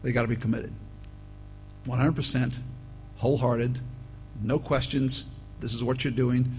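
A man preaching a sermon, reading scripture aloud and breaking off to address the listeners as folks, rising now and then to loud emphatic bursts. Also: mid-range voice, steady tone, measured pace, pauses often, faint music behind, poor audio.

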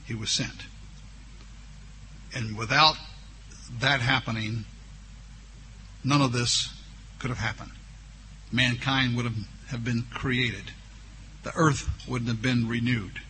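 Male preacher, slow and deliberate, bright voice; reads scripture and stretches out key words. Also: mid-range voice, steady tone, a little hiss or hum. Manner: voices imagined objections from listeners. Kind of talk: sermon with scripture reading.

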